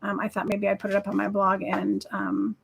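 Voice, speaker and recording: A woman's voice: medium pitch, completely flat delivery, fairly quick, creaky, slight background noise. A woman hosting a live craft stream, chatting casually and enthusiastically as she demonstrates, rambling with many fillers. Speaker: craft livestream host.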